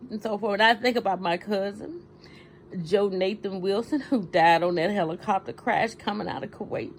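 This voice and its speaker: Woman, personal vlog rant, sleepy but fired up, blunt and cussing, mid-pitched voice, faint hiss behind. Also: normal speed, rough recording. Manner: outspoken, heated and profane. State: tired and sleepy. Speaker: vlogger.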